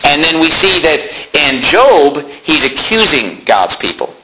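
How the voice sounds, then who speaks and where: Bright-voiced preacher, a man teaching scripture. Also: a little high, big pitch swings, a little slow, rough recording. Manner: reads scripture aloud and tells listeners to underline words. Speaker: pastor. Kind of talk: sermon. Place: church.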